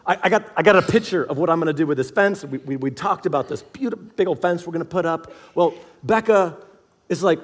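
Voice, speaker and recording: A man's voice: on the high side, quick pace. A man preaching in church, telling a humorous personal story and acting out both sides of a conversation in a self-mocking way. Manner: animated, self-mocking storyteller who acts out dialogue. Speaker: pastor. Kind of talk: storytelling sermon. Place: church sanctuary.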